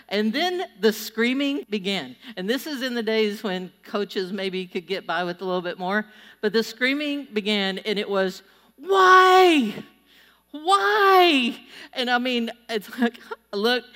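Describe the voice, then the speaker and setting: A woman pastor giving a sermon to a large congregation, telling stories in a lively, conversational way. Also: medium pitch. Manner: storytelling, animated and conversational. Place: church auditorium before a large crowd. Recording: long reverb of a large hall.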